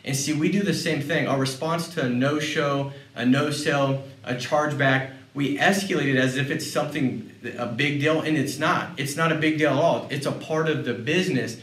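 A man giving a motivational sales talk, telling personal stories in a lively way and often repeating words as he goes. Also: fairly high pitch, normal speed, few pauses. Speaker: sales leader speaking on a panel. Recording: roomy sound, mic at a distance.

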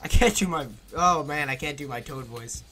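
A man's voice: on the high side, normal speed, pushed and bright, faint music behind. A young man giving casual, jokey, self-mocking commentary while playing a video game. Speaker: let's player.

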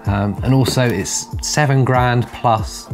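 A man's voice: medium pitch, takes it slowly, over music. A man hosting a casual tech video, rambling and self-deprecating as he explains his computer upgrade. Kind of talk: casual bantering tech chat.

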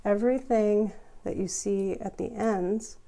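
A woman's voice: mid-range voice, fairly even intonation, unhurried, vocal fry, warm tone. A woman hosting a casual houseplant tour vlog at home, chatty, goofy and rambling. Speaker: houseplant channel host.

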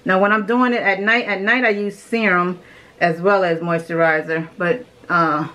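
A young woman with a slightly lower voice chats her way through a morning skincare routine. She is easygoing and enthusiastic, talking as she works through each step at home. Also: fairly even intonation, moderate pace, sharp tone, low-quality recording. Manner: chatty, enthusiastic, talks while doing the steps. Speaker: beauty vlogger. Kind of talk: casual skincare routine demo.

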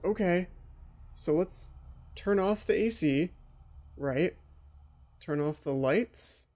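A man's voice: high-pitched, takes it slowly, darkish tone. A man hosting a let's play, giving jittery, frightened commentary on a horror game and talking to himself.

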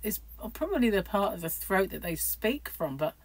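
A woman's voice: mid-range voice, sing-song, moderate pace, no echo, low-quality recording. A middle-aged woman vlogging at home in a rambling, chatty, self-mocking way. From United Kingdom. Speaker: crochet vlogger. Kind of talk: casual chat to camera.

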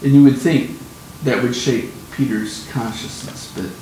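A man's voice: fairly even intonation, measured pace, warm tone. A man preaching a sermon on scripture, explaining emphatically and repeating his key points. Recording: very echoey room, faint rumble.

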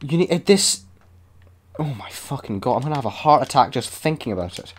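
A young man giving sweary, excitable and sarcastic commentary while building in a video game. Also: mid-range voice, fairly quick, breathy edge. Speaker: gaming YouTuber. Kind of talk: casual gameplay commentary.

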